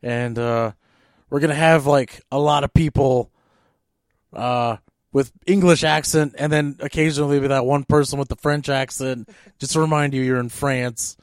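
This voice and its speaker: A man co-hosting a movie podcast, ranting in an animated, exasperated way with lots of fillers. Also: medium pitch, moderate pace, no echo, clean studio sound. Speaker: podcast co-host. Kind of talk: casual movie-rant chat.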